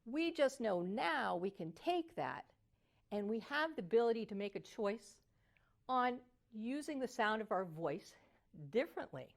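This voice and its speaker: An older woman voice coach giving a motivational teaching talk, animated and at times singing phrases to show melody. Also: fairly high pitch, a little slow, vocal fry.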